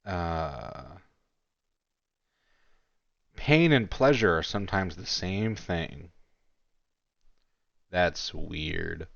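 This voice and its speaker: A man with a fairly low voice gives casual commentary in a mocking, incredulous tone and swears freely. The recording is dry and a little dull, with no room sound. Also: big pitch swings, drawn-out words, gravelly, pauses often, fairly bright tone, no room sound.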